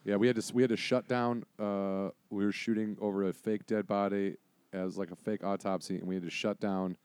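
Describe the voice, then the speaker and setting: A man's voice: fairly low pitch, normal speed, clean tone, no echo. A man telling a story in casual conversation, acting out the voices of the people in it. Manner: animated, acts out voices in his story.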